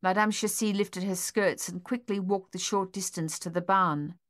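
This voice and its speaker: A woman narrating an audiobook with steady, even storytelling. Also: medium pitch, moderate pace.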